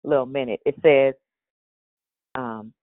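With an extremely low, steady voice, a woman leads her daily prayer call slowly, sounding like she just woke up. Her casual devotional talk is chatty and meandering, full of fillers and restarts. There's no echo, but the sound is narrow and tinny.

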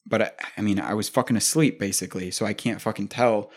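Swearing, animated young man telling a story. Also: lowish voice, fast talker. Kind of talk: casual chat.

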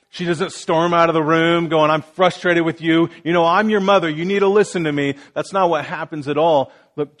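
A male pastor delivering a sermon in an earnest, searching way, acting out the voices he quotes and turning questions back on the congregation. His voice sits a little higher than most men's.

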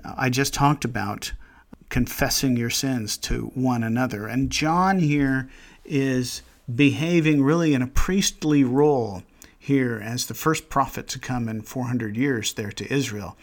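Male devotional leader, middle-pitched, slow and earnest, reflective pauses. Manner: pauses mid-phrase, restarts thoughts. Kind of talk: devotional meditation.

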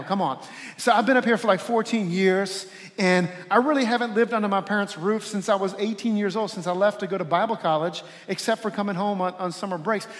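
A man pastor preaching a sermon to his congregation, calling out to the crowd with a preacherly manner. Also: high-pitched. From Louisiana. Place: church sanctuary. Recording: reverberant church hall.

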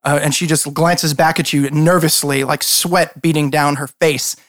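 A man's voice: on the high side, fairly even intonation, a bit bright, dry recording, clean studio sound. A man narrating a tabletop game as game master in a casual, rambling way. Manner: casual, rambling, quick to laugh.

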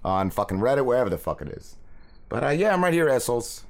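A man's voice: mid-range voice, very animated, fast. A man hosting a podcast, ranting with constant swearing and mimicking other people. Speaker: podcast host. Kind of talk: profane casual rant.

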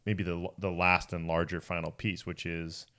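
A man speaking at a church series, talking through his thoughts reflectively and often pausing to search for words. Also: low voice, level tone, sharp tone. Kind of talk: conversational talk in a church series.

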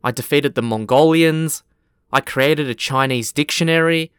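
A man voicing a calm old emperor arriving in heaven, speaking in a deadpan, nonchalant way. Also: on the high side, normal speed, clean tone, no room sound, studio quality, close to an everyday voice.

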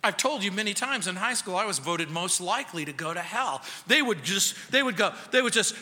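A middle-aged man preaching a sermon as pastor, emphatic, swinging between loud and hushed. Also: high voice, lively intonation, brisk, hardly any pauses, in a large hall. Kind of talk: expository sermon. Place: church sanctuary.

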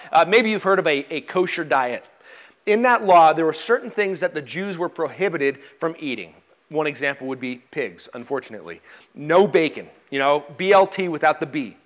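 High-voiced man preaching conversationally. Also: fairly bright tone. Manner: conversational preaching with fillers and restarts; reads scripture aloud. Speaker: pastor. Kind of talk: sermon.

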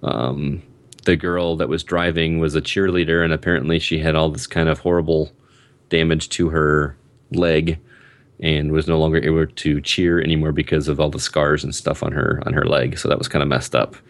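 A man in his thirties, his voice a low rumble, tells a long personal story in casual conversation at a moderate pace and level tone. The recording is dry, and he rambles, interrupts himself, and restarts sentences with plenty of ums.

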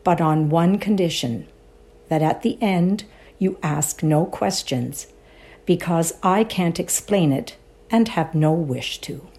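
Brief: confident woman storyteller, low mellow voice, no-nonsense, read by a woman. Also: takes it slowly. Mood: matter-of-fact. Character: woman storyteller, brisk and self-assured.

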